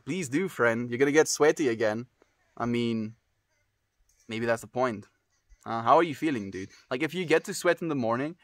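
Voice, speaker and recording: A man's voice: mid-range voice, fairly bright tone, no echo. Chill guy streamer reading chat, says dude a lot, dead dry room. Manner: laid-back, calls people dude and friend. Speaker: livestreamer. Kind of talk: casual chat reading viewer messages.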